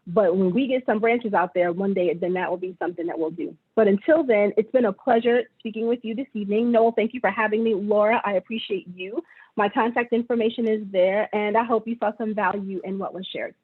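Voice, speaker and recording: A woman's voice: medium pitch, brisk, husky. A woman presenter, a bank executive, giving friendly, chatty closing remarks over a video call. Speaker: bank vice president presenter. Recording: tinny call audio.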